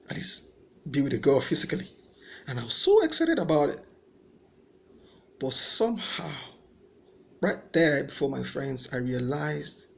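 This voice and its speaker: A man's voice: mid-range voice, bright, forceful tone. A man giving an earnest personal faith testimony, telling his story and voicing remembered dialogue.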